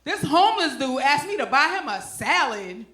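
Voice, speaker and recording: A high, bright-voiced woman works a comedy club stage, swinging her pitch all over as she throws slang and asides to the crowd. She is middle-aged, and her punchy stand-up delivery rings in a roomy club with faint noise behind it. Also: very animated, moderate pace. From Brooklyn, New York.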